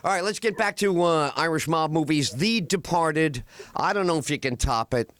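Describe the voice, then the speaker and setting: A man hosting a radio talk show, telling film scenes with animated delivery. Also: on the high side, normal speed, dry recording, studio quality. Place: radio studio.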